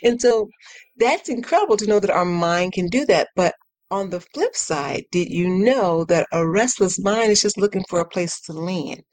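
A woman coach guesting on a podcast, speaking in a lively, animated way, laughing often and acting out her inner voice in playful high tones. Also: moderate pace, dry recording. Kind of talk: casual podcast interview.

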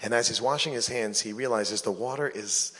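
A man from New York telling a long comic story, lively and acting out each character. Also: medium pitch, brisk, husky. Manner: lively, acts out every character. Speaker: comedian. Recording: long reverb of a hall.

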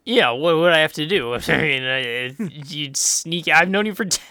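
A man's voice: on the high side, animated, moderate pace, sharp tone, clear, resonant tone, no room sound. A man in casual comedic chat, rambling through a joke with fillers and laughs.

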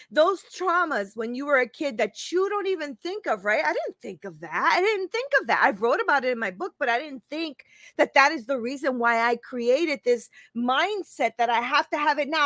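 A woman in her fifties speaks as a coach to her live-stream viewers, her voice high and bright. She is emphatic, says key phrases twice and tags many points with "right?". The sound is dry and close, with almost no room. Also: no room sound. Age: 50s. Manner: emphatic, repeats phrases, keeps asking "right?". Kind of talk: casual motivational live-stream talk.

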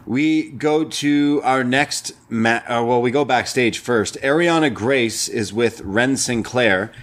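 A man's voice: medium pitch, slow, fairly bright tone. A man co-hosting a casual wrestling review, walking through matches move by move with loose fillers. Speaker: wrestling show co-host.

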